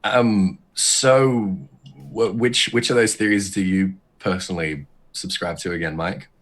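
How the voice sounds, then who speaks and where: A man talking in a casual podcast, rambling with many restarts and getting animated as he speculates. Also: sits low, unhurried. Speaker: podcast guest.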